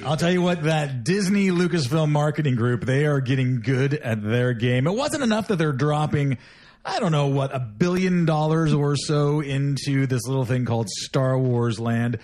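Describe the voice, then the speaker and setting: A man's voice: mid-range voice, moderate pace, darkish tone. A man hosting a podcast, chatting casually in a playful, teasing, joking way. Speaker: podcast host. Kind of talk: casual chat.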